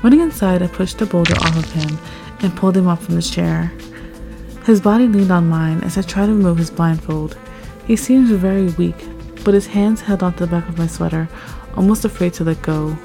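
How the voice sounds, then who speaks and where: A woman reading a first-person story aloud, expressive and rising at tense moments. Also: on the low side, fairly quick, creaky. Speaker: story narrator. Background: faint background music.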